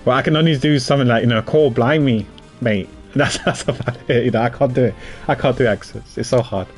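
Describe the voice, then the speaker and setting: A man's voice: mid-range voice, fast, faint music behind. Chatty man streaming a game. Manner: chatty, laughs easily. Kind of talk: casual gameplay commentary.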